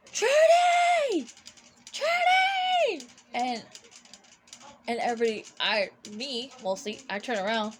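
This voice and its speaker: A young woman with a slightly high voice tells a story from her own life. She rambles, stops herself and starts over, with plenty of fillers along the way. A faint noise hums behind her. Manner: rambling, halting, with many restarts and fillers. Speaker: vlogger. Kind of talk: casual storytelling.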